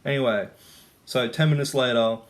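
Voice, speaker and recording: A man's voice: medium pitch, steady tone, moderate pace. A young man ranting and telling stories in a casual vlog, rambling and swearing, full of "like" and "you know". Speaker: vlogger. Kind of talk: casual rant storytelling.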